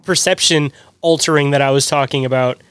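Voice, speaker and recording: A man hosting a podcast, musing slowly over theories with a casual, reflective manner. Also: medium pitch, fairly even intonation, a bit bright, clear, resonant tone, dry recording. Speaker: podcast host. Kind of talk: casual interview chat.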